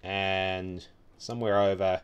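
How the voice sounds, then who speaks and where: A low-pitched New Zealand man talks himself through a city-building game in a wry, offhand mutter. Soft music hums faintly underneath, along with the clack of his keyboard. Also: flat delivery, slow pace, smooth, muffled recording. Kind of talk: casual gameplay commentary.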